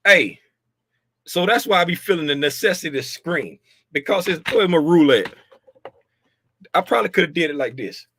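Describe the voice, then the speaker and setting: A man hosting a casual livestream about market futures, talking loudly and playfully, joking with viewers and slipping into sing-song bits, with a desk mic about a foot away. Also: on the high side, animated, normal speed, long pauses, a little hiss or hum. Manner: playful, chatty, jokes with viewers. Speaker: host reviewing market futures.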